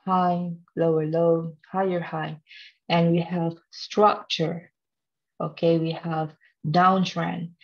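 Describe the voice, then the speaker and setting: A woman's voice: lowish voice, a little mellow, highs cut off. A woman teaching a live trading webinar in a playful, teasing way, talking straight to her viewers and laughing often. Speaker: trading instructor.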